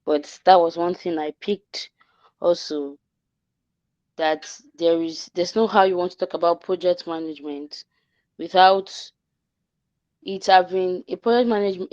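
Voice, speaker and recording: A woman's voice: fairly low pitch, darkish tone, no room sound. A woman giving earnest closing remarks in an online class, summarizing with small restarts. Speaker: class coordinator. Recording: dry, dull online call audio.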